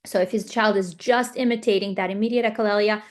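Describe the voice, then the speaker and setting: Speech therapist, woman, mid pitch, patient explainer, filler-heavy, video-call lecture. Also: steady tone, quick pace. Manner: explanatory, repeats points with example scenarios; frequent fillers like "um" and "like". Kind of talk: parent training lecture.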